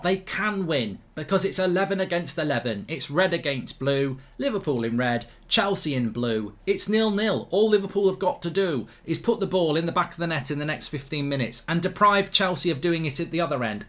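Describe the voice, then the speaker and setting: A man's voice: fairly high pitch, fairly bright tone. A man hosting a live football watchalong, chatting casually, reading viewer comments aloud and often repeating himself.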